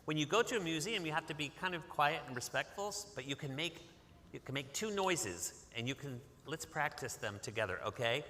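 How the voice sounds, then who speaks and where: A man's voice: on the high side, animated, a little fast, sharp tone, slight background noise. A man from Massachusetts who reads a picture book aloud to children, coaxing them into call-and-response. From Massachusetts, USA. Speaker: author reading to children. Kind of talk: interactive picture-book reading. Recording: long hall reverb.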